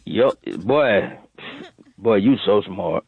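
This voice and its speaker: A man's voice: lowish voice, expressive, very slow, creaky, breathy edge. A man calling in to a radio morning show, rambling and repeating himself as he tells a long story. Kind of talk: comic phone call bit. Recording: tinny phone line.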